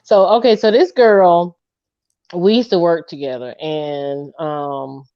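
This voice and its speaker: A woman in her fifties telling a funny story in casual chat, animated and laughing as she acts out what people said. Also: low-pitched, takes it slowly, no echo, muffled recording. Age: 50s.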